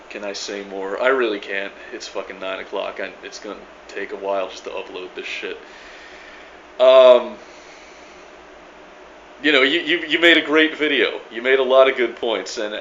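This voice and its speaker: A man's voice: lowish voice, a bit bright, a little hiss or hum. A middle-aged man giving a rambling video reply, stammering, repeating words and swearing with emphatic force. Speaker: vlogger replying to another creator. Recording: echoey room, dull lo-fi sound.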